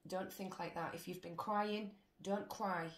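A woman's voice: on the low side, fairly even intonation, a little slow. Chatty tarot lady, blunt and sweary, roomy echo, bit of background hiss. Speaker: tarot reader. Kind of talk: casual tarot reading to camera. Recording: echoey room with faint noise.

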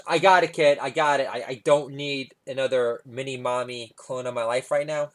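A man, doing stand-up stories with wry asides. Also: steady tone. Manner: wry, quick asides, mimics his daughter in a higher voice. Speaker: stand-up comedian. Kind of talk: stand-up storytelling.

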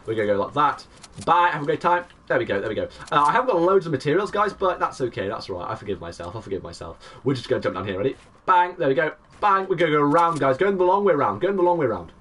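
A young man streaming a game, high-pitched and bouncing all over his range as he rattles through excited play-by-play. His voice sits a bit back from the mic. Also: quick pace, far from the mic. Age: 20s. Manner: excitable play-by-play, greeting chat viewers. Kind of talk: live gameplay commentary.

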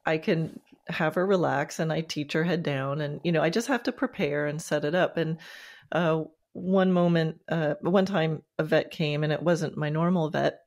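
A woman's voice: deep voice, moderate pace, darkish tone. A woman hosting a podcast interview, talking in an enthusiastic, casual way with many fillers and restarts. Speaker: podcast host.

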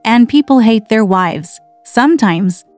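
Brief: woman reader voicing a young girl, impulsive and warm-hearted, earnest delivery, soft music behind. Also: on the high side, animated, no room sound. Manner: earnest, quick to anger.

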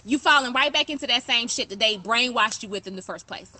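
High bright-voiced woman going live, blunt, repeats her questions over and over. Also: fast talker, no room sound. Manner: emphatic, repeats rhetorical questions; blunt and forceful. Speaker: host of a live online talk. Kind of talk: impassioned live talk to viewers.

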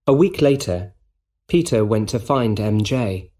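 A man reading a simple storybook in slow, deliberate narration for English learners. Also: on the low side, expressive, a little mellow, slightly rough. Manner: plain and deliberate.

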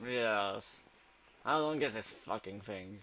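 Crude, slow-talking man doing game commentary. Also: lowish voice, slight background noise. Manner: crude, sarcastic, swings between whispered asides and sudden yells. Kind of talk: let's play commentary.

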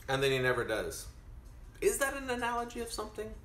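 A man chatting casually to his stream while baking, rambling and animated. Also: high voice, fast, echoey room.

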